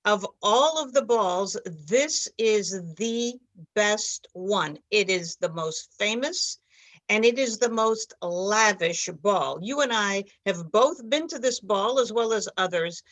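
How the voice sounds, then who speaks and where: A woman's voice: medium pitch, expressive, takes it slowly, fairly bright tone. A woman hosting a scripted talk show, emphatic in manner and repeating words for stress. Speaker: host.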